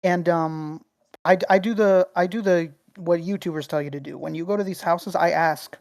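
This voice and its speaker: A woman co-hosts a laid-back podcast in a lowish voice and tells rambling stories full of swearing. She talks with lots of energy and many asides. The sound is dry and close to the mic. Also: moderate pace, no echo. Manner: profane, rambling, animated storyteller. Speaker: podcast co-host. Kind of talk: casual chat, storytelling.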